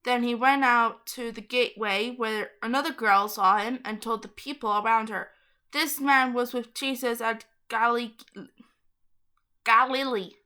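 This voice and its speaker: A woman's voice: fairly high pitch, fairly even intonation, normal speed, pushed and bright, smooth. A young woman reading a Bible story aloud, stumbling over hard names and adding chatty asides.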